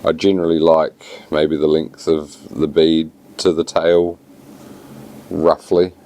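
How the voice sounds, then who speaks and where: Very deep, gravelly New Zealand man. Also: slow, a little hiss or hum. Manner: relaxed, plain-spoken, lots of fillers. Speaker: fly tying instructor. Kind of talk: casual step-by-step tutorial.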